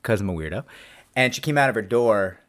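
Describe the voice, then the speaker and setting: A man's voice: lowish voice, expressive, fairly quick, a bit bright. A man, a lawyer, telling a story to camera in a rambling, self-deprecating way with many restarts.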